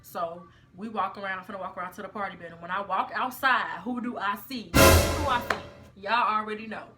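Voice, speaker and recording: A young woman telling a story in a casual vlog, animated and full of slang. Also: medium pitch, brisk, music in the background. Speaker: vlogger.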